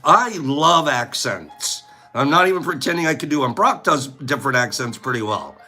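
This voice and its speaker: A man's voice: medium pitch, expressive, moderate pace, pushed and bright, soft background music. A man hosting a casual livestream chat, playful and rambling, often breaking into laughter. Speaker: host.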